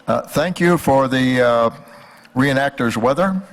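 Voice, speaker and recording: An older man giving a history lecture at a symposium, telling jokes in a folksy way and pausing often with fillers. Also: medium pitch, a little hiss or hum. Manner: folksy, hesitant with many fillers. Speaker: guest speaker, historian.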